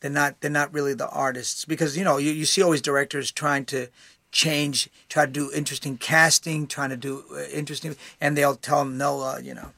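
A man guest in a casual conversation, talking in an animated way with many repeated words and restarts. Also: a little high, fairly quick, no room sound.

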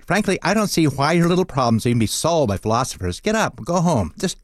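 Fast, wry man doing a comic monologue. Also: a little high, sing-song, no echo, studio quality. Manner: wry, sardonic delivery. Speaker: comic essayist.

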